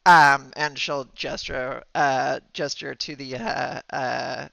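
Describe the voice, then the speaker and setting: With a medium-pitched voice that's pushed, bright, and full of vocal fry, this game master stumbles through his tabletop narration with lots of fillers and false starts. His intonation is fairly flat, and the lo-fi recording has no echo.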